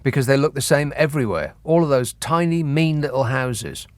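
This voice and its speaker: A man's voice: medium pitch, moderate pace, no echo. A man hosting a radio phone-in, talking in a dry, sardonic way that builds into a rant. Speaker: radio talk show host. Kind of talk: late-night phone-in chat. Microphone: studio mic.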